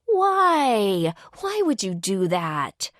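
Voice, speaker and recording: A woman voicing an excitable, boy-crazy young woman in an audiobook, squealing and breathless. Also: medium pitch, drawn-out words, dry recording, studio quality, full character voice. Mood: excited.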